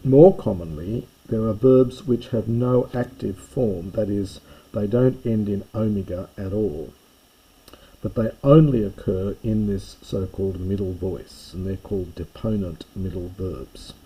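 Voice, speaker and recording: Male teacher for a grammar lesson, deep and very warm tone with a slightly husky edge, careful and methodical. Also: unhurried, low-quality recording. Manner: careful, methodical explanation with small self-corrections. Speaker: Greek teacher.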